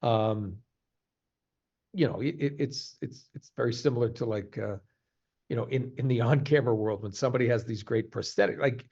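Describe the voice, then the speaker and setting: Male voice actor, guest in a casual interview; animated, halting delivery; mid-pitched voice; muffled lo-fi sound. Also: slightly rough. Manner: animated, halting, jumps to quick voice demos.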